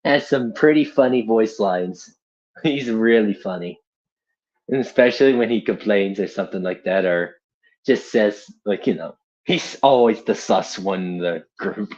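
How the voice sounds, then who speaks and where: This young streamer speaks unhurriedly in a fairly low, darkish voice, laughing readily as he chats and jokes self-deprecatingly about his amateur voice-acting attempts. The sound quality is dull and lo-fi.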